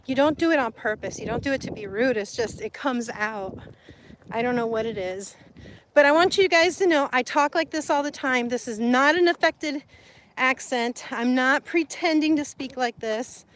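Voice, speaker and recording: A chatty woman from Sonora talks straight to her viewers in a loose live-stream chat. Her voice sits a little high, she laughs easily and gets loud and lively. A faint hiss of noise sits under her voice. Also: normal speed, poor audio. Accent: Sonoran Spanish influence. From Mexico (Sonora). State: hot and sweating.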